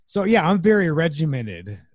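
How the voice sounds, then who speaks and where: A man's voice: on the high side, no echo. A man as a podcast guest, talking earnestly and reflectively in casual conversation, chuckling now and then.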